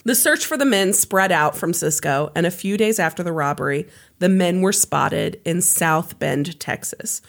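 Animated woman telling a crime story. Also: on the low side, unhurried, gravelly. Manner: animated, swears, many "like" fillers. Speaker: podcast co-host telling a true crime story. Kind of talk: casual storytelling chat.

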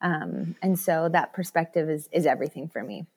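A woman in her thirties, a podcast guest, chatting casually and acting out her own thoughts in animated asides. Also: sits low, moderate pace, slightly rough. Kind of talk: casual interview chat.

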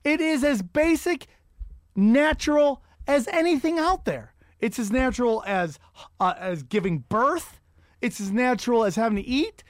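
A man's voice: extremely high pitch, animated, a little slow, dry recording, clean studio sound. Profane, rambling man telling stories. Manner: profane, rambling, self-mocking storyteller. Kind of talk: casual chat.

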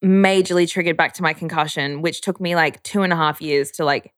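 A woman's voice: low-pitched, steady tone, a little fast, no echo, studio quality. A young woman co-hosting a podcast in casual chat, talkative and laughing easily, with a casual swear now and then. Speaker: podcast co-host.

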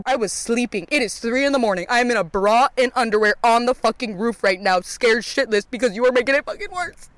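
A young woman vlogger telling a story in casual chat, animated and slangy, swearing freely and acting out the people she quotes. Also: on the high side, fairly quick, few pauses, dry recording.

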